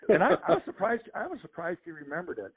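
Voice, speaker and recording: A middle-aged sports official, appearing as a guest on a podcast, tells lively anecdotes in a conversational interview, acting out what others said. His voice sits high with a breathy edge, he speaks quickly, and the audio comes over a tinny phone line.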